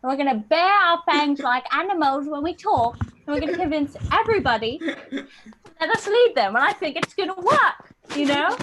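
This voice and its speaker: A woman's voice: high-pitched, animated, moderate pace, a bit bright, a little hiss or hum, voice pushed up. A woman voicing a scheming British imperial leader giving a bossy pep talk to his people, in an online stand-up set. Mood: scheming, rallying. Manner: bossy pep-talk, keeps asking "all right?".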